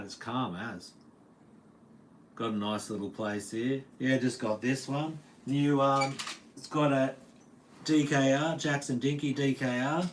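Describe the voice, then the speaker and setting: A middle-aged man with an Australian accent rambles through a casual livestream from home, loose and slangy, with plenty of swearing. His voice sits in an ordinary middle register. A faint hum of noise runs underneath. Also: mid-range voice. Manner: laid-back, slangy and profane. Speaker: metal guitar teacher streaming live.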